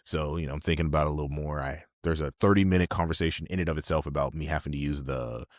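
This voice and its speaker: A man's voice: rumbling low, rapid-fire, dry recording, studio quality. A man in his thirties, a podcast guest, telling stories casually and animatedly, laughing often. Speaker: podcast guest, army officer. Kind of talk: casual storytelling.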